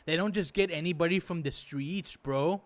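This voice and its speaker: A man with a slightly high voice rants through a reaction commentary. He is indignant and exasperated, swears freely and rambles with plenty of fillers. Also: normal speed. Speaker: reaction video host. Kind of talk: profane casual reaction commentary.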